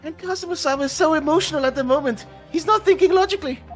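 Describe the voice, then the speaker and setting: Player as polite young assistant, put-on Japanese accent, very high and quick. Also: animated, fairly bright tone, soft background music. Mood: earnest. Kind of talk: fan voice dub of a game.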